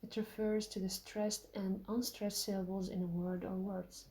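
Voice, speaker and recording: A woman teaching a lesson on poetic meter, explaining patiently with many pauses and fillers. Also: mid-range voice, flat delivery, darkish tone, a little hiss or hum, low-quality recording. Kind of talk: lecture on poetry.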